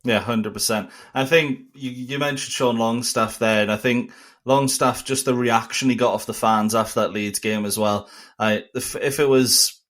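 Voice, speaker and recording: A man's voice: mid-range voice, steady tone, fairly bright tone. Chatty man hosting a podcast. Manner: chatty and upbeat, quick to laugh. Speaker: podcast host. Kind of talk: casual football podcast chat.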